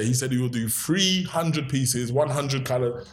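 A young man with a London accent tells a story in lively, casual chat. He swings his pitch up sharply whenever he acts out what someone said, then drops back to an easy, conversational tone. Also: normal speed. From London, England. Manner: lively, acts out quoted voices with big pitch jumps. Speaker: guest telling a business story.

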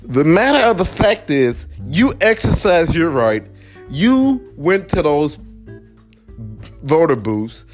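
Emphatic American man with lively, high pitch. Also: slow, soft background music. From United States. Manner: emphatic, repetitive. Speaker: podcast host. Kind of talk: motivational monologue.

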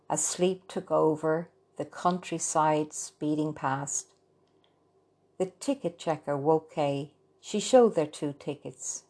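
A woman reading a story aloud, slow and gentle, with small slips. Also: low-pitched. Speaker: narrator. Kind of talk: storytelling narration.

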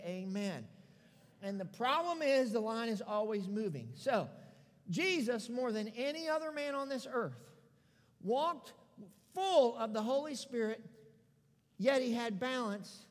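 A man preaching a sermon as pastor, calling on the congregation to respond and acting out scripture scenes in his own words. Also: very high-pitched. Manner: call-and-response preaching, dramatic paraphrase. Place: church sanctuary. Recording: long hall reverb.

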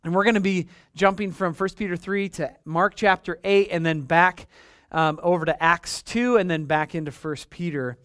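A man's voice: high voice, normal speed, fairly bright tone, clear, resonant tone, no echo, studio quality. A man in his late thirties preaching a sermon in a conversational way, checking in with the listeners and often repeating his words. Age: late 30s. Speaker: pastor.

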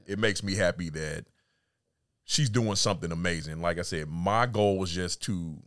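A man's voice: deep voice, moderate pace, fairly bright tone, no echo, studio quality. A middle-aged man and husband, a podcast guest, chatting casually in an easygoing, self-deprecating way. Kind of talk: casual interview chat.

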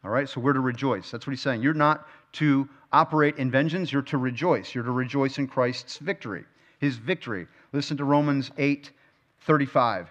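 A man's voice: mid-range voice, moderate pace, a bit bright, dull audio. A man teaching a verse-by-verse Bible study. He keeps asking his listeners questions and repeats key phrases for emphasis. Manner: asks the listeners frequent rhetorical questions.

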